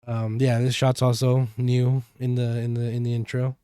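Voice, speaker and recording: A man's voice: medium pitch, completely flat delivery, moderate pace, mellow, clean tone, dry recording, clean studio sound. A man co-hosting a podcast, casually recapping a TV episode with rambling asides and many "um"s. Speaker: podcast co-host.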